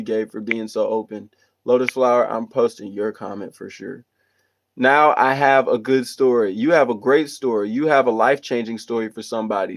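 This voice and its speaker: A man hosting a livestream, reading viewer comments and giving earnest, rambling motivational talk with restarts and repeated phrases. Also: mid-range voice.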